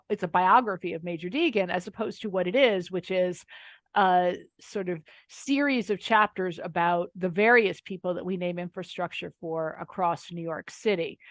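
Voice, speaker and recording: A middle-aged woman from Pennsylvania, a nonfiction author, telling anecdotes in a lively, wry way. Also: medium pitch, no room sound. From Pennsylvania, USA. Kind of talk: casual interview storytelling.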